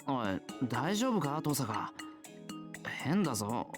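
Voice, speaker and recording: A man's voice: mid-range voice, sing-song, normal speed, music in the background, lightly acted. An actor playing an earnest young man in a visual novel, calling out urgently to a friend. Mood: worried. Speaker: game character. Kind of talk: Japanese visual novel voice acting.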